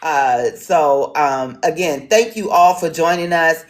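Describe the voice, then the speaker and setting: A woman's voice: low voice, slow. A woman from Washington, D.C. moderating an online town hall, talking casually with lots of ums and restarts.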